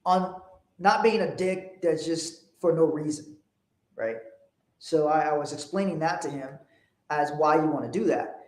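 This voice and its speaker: A middle-aged man hosting a casual motivational talk, rambling with frequent restarts and growing animated when he tells stories. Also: on the high side, unhurried, roomy sound. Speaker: podcast host.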